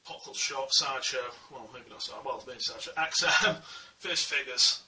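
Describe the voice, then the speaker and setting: Very bright-voiced man gushing. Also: medium pitch, a little fast. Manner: enthusiastic and gushing, rambling with many fillers. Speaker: statue collector reviewing a figure. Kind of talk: casual video review. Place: at home with the statue. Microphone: small camera mic. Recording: distant mic with faint hiss.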